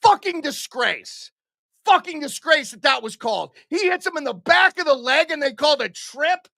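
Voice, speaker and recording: Live-stream host, man: high, animated voice, profane, shouting rants. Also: moderate pace, vocal fry, dry recording, studio quality. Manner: ranting, profane, frequently shouting. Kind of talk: angry live hockey commentary.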